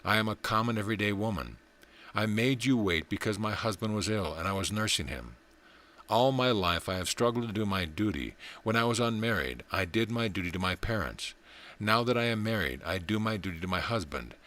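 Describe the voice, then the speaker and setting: A man reading the part of a wise, ordinary housewife who speaks calmly and gently scolds a proud young monk. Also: lowish voice, a little fast. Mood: calm, instructive.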